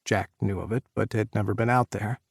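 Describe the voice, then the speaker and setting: A man narrating an audiobook in a measured, even reading voice. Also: on the low side, gravelly, husky, no room sound, studio quality.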